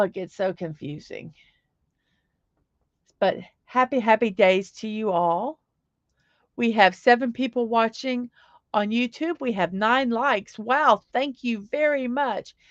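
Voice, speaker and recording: A woman's voice: on the high side, no echo. Woman, livestream host, chatty and upbeat, middle-aged, slightly muffled dry recording. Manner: chatty, upbeat, reads chat aloud. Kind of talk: casual livestream chat.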